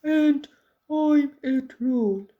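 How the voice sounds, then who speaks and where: A woman's voice: very slow, highs cut off. Woman doing a timid hungry troll. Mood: eager. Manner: loud, high, strained voice.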